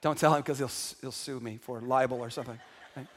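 A man preaching a sermon to a congregation, animated and calling out to the crowd, acting out everyday voices for laughs. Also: mid-range voice, fast, big-room sound. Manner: acts out household voices for laughs. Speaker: pastor. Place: large church hall.

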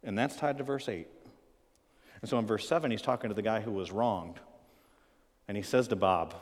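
A man preaching a sermon, telling a story with animated acted-out quotes and swinging between loud emphasis and quiet asides. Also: on the low side, normal speed, pauses often, in a large hall. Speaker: pastor.

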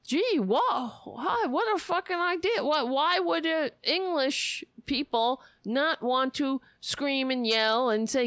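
A woman rants furiously about politics, cursing and dripping with sarcasm. Her pitch swoops up and down dramatically while she drags out her words slowly and deliberately. The recording is dry and close, with no room sound. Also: expressive, fairly bright tone, no echo. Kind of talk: angry political rant.

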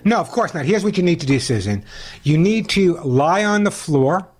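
A man hosting a call-in pet advice radio show, talking quickly and chattily, often restarting as he explains. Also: fairly high pitch, lively intonation, crowd noise.

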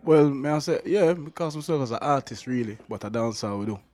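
A man's voice: mid-range voice, expressive, fast, a little mellow. A man, a guest musician talking casually about his music, laid-back and often adding "you see me". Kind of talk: casual interview chat.

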